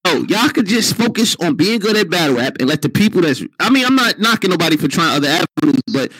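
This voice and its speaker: A man with a fairly high, lively voice gives blunt opinions in a casual podcast chat. He often restarts his sentences. The sound is dry and close, with almost no room echo. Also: husky. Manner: blunt, halting, frank. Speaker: podcast co-host.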